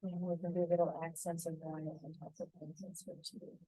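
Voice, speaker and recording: A woman teaching a painting tutorial, talking calmly and gently through each brushstroke. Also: fairly low pitch, a little fast, slightly rough, no echo, rough recording. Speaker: painting instructor.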